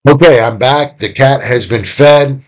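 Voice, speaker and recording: New guy lecturing from home, rambly and chatty, lots of uhs and restarts, regular pitch. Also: a little slow. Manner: rambling, conversational, many fillers and restarts. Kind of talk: casual recorded lecture. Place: home room.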